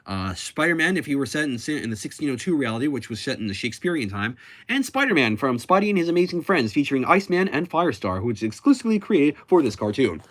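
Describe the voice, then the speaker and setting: A man's voice: medium pitch, sing-song, quick pace, a bit bright. A man hosting a YouTube channel, recapping a story in a rambling, self-correcting way. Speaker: YouTube host.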